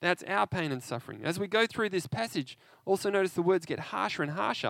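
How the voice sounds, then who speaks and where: A man preaching an interactive sermon, animated and conversational, often asking his listeners questions. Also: high voice, a little fast, gravelly, few pauses, no room sound.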